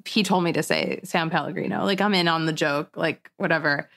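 A woman's voice: low voice, a little fast, vocal fry. A young woman telling a story casually, laughing often and acting out what people said. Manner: animated, laughs often, acts out quotes. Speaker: storyteller guest.

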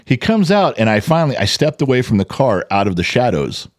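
This podcast co-host is a man with a medium-pitched voice who talks a little fast, recorded in studio quality with no echo. He tells a story in casual conversation, animated and profane, swearing freely and loudly acting out what people said.

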